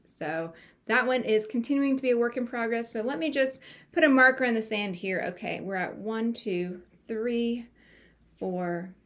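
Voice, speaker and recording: Southern-accented woman hosting a crochet podcast. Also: medium pitch. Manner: chatty, folksy, warm thanks with many fillers. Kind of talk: casual chat to camera.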